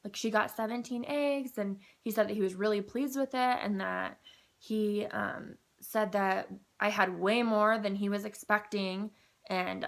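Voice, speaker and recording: A young woman vlogging a casual personal update, chatty and excitable, with lots of ums and likes, a little groggy. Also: mid-range voice, creaky. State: groggy after anesthesia.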